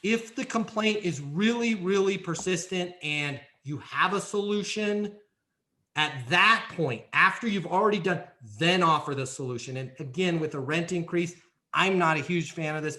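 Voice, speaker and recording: A man's voice: a little high, moderate pace, bright, forceful tone. A man as a podcast guest, coaching on leasing sales in an emphatic, hands-on way. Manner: emphatic, coaching, acts out role-play examples. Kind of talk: podcast interview, teaching sales steps.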